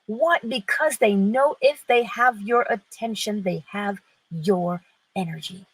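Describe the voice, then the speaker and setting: A woman's voice: mid-range voice, slow pace, slightly rough, poor audio. A woman hosting an inspirational talk, speaking emphatically and posing rhetorical questions that she answers herself. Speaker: host.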